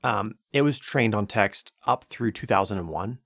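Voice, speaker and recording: A man with a lowish voice talks through his own experiences in an easygoing podcast chat. He uses some fillers. The sound is close and dry, with no room echo. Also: moderate pace. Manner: relaxed storytelling, some fillers. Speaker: podcast co-host. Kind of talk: casual chat.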